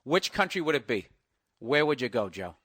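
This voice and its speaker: A man's voice: medium pitch, big pitch swings, normal speed, fairly bright tone, breathy edge, no room sound, studio quality. A man co-hosting a casual comedy chat, riffing in profane rants. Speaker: comedian co-host.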